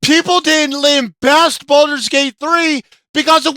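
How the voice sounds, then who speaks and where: A game commentator rants in anger with a high voice, swearing and yelling often. The delivery is slow and heavy, and the throat is sore from shouting. The sound is dry and close. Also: steady tone, no room sound. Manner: profane, yelling, sarcastic. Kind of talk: angry commentary rant.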